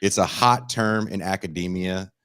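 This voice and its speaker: A man's voice: low voice, normal speed, a bit bright, smooth. A man co-hosting a podcast, blunt and teasing, hesitating as he searches for words. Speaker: podcast co-host. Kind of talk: casual political discussion.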